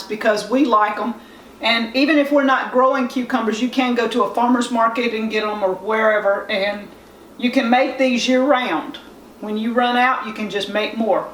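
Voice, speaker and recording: A plain-spoken Southern woman with a slightly high voice hosts a home cooking demonstration, explaining each step in a homespun way. She is recorded from a distance, and the room sounds echoey, with a faint hiss underneath.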